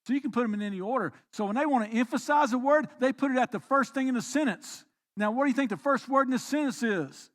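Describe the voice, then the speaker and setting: A man with a very high voice preaches from the pulpit. He drops into quiet, reflective passages, then rises into emphatic, pressing exhortation. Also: quick pace. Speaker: pastor. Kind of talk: sermon. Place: church.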